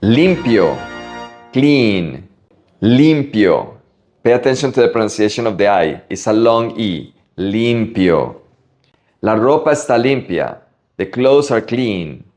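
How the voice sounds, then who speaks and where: A man from Latin America teaching Spanish vocabulary, slowly drilling pronunciation word by word. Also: mid-range voice, very animated, darkish tone, soft background music. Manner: slow, careful pronunciation drills. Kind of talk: vocabulary lesson.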